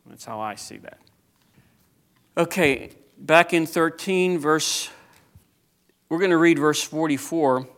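A man preaching a sermon and reading scripture aloud, building from slow teaching to loud, fervent preaching. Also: a little high. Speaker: pastor.

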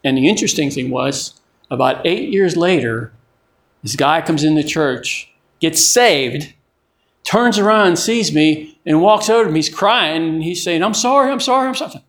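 A man's voice: a little high, lively intonation, measured pace. An older man preaching a sermon in a conversational way, often repeating and restarting his words.

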